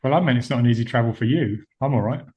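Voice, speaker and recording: A relaxed man hosts a podcast, chatting easily and chuckling often. He has a mid-pitched voice and talks to his co-host over a call. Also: very fast, highs cut off. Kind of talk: casual podcast chat.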